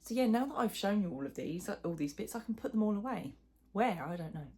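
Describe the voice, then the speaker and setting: A woman's voice: mid-range voice, expressive, quick pace, warm tone, breathy edge. A middle-aged woman chatting casually in a crochet vlog, rambling and self-deprecating, with plenty of fillers. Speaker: crochet vlogger. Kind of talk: casual chat.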